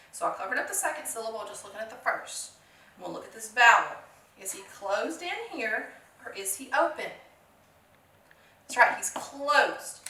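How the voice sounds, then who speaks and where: A woman's voice: fairly high pitch, pushed and bright, echoey room, distant mic. A woman teaching a phonics lesson to young children, encouraging them, asking questions and answering them herself.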